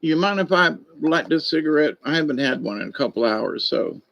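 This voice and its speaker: A man's voice: fairly high pitch, animated, brisk, vocal fry, a bit bright, highs cut off. A man casually telling an animal story and reading oracle cards, rambling with many fillers and restarts. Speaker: card reader.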